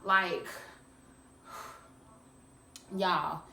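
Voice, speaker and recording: A young woman vlogger telling a storytime to her viewers in a chatty, animated way, calling them y'all. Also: lowish voice, extremely slow, creaky, slight background noise. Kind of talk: storytime vlog. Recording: echoey room, a bit far from mic.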